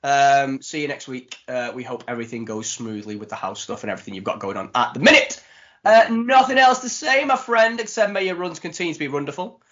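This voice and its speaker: Podcast host, chatty and jokey, bright sharp voice, bit lo-fi. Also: male voice, mid-range voice, big pitch swings, a little fast. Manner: chatty, jokey, with many ums. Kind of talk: casual podcast chat. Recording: dull lo-fi podcast audio.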